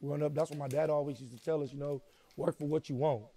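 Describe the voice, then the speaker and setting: Middle-aged guy, gravelly and dark, subdued, keeps going "you know what im saying". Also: fairly high pitch, steady tone, fast. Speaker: interview guest. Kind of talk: personal storytelling in an interview.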